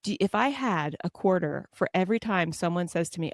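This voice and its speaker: A woman from Southern California, a guest on a podcast, telling lively self-deprecating stories and laughing often. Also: on the low side, a little fast, no room sound, clean studio sound. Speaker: guest author. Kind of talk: casual conversational storytelling.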